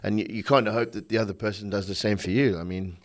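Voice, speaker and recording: A man hosting a podcast in casual conversation, who gets animated acting out quoted arguments. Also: on the low side, quick pace. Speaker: podcast host.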